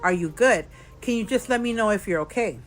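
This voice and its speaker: A woman's voice: medium pitch, lively intonation, fairly quick, soft background music, rough recording. A slightly tipsy woman telling a storytime vlog alone in a hotel room, frank and chatty, talking to viewers as girl and y'all, recorded on a phone camera. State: a little tipsy. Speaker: vlogger.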